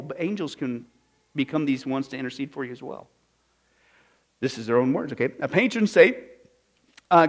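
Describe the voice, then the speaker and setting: A man preaching a sermon, reading passages aloud and answering them with rhetorical questions and sarcastic asides. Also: fairly high pitch.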